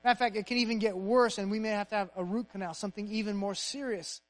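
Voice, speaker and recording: A preacher voicing a calm, knowing small-town dentist. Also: male voice, sits high, quick pace, natural voice. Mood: assured. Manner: calm, assured, repeating for emphasis.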